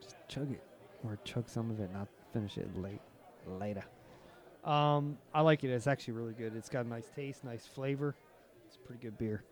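A man's voice: medium pitch, normal speed. A man co-hosting a podcast in loose, profane, rambling casual chat. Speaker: podcast co-host.

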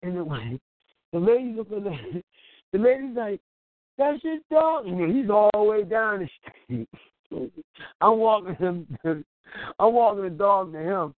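Over a tinny, dry phone line, this man's high-pitched, animated voice moves at a measured pace with long pauses. He's a small business owner on an internet radio show, chuckling through an anecdote where he plays the other people's voices, then offering advice.

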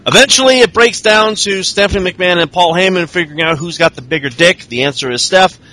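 A man's voice: sits high, a little fast, pushed and bright, low-quality recording. A man hosting a podcast, recapping wrestling in a crude, profane, rambling way and slipping into mocking voices. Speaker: podcast host. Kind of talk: casual crude comedic recap chat.

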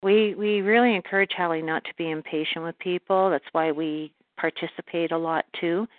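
Woman from Canada, low-pitched guest. Calm channeled talk, speaks of herself in the third person. Phone-line sound. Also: normal speed, no room sound. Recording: phone-like call audio.

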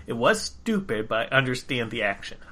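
A man chatting casually on a podcast, calmly explaining his reasoning and laughing often. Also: mid-range voice, fairly quick.

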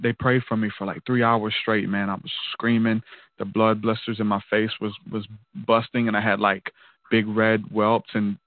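A man's voice: fairly low pitch, no room sound. A man casually telling a personal testimony in an earnest, loose way, peppered with "man" and "dude". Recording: tinny phone-like line, dry.

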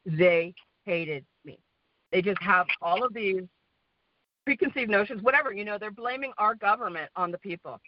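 This caller, an American woman with a Western accent and a mid-range voice, talks a little fast on a phone line to a community prayer call. She sounds drained and tells her story loosely, packed with fillers and repeated "okay?"s. There's no room sound, and the highs are cut off.

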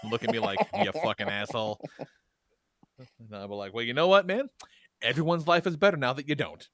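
Animated, bright-voiced man telling stories. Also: on the high side, brisk. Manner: animated profane storytelling, acts out his son's voice. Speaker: podcast co-host. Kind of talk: casual comedy podcast chat.

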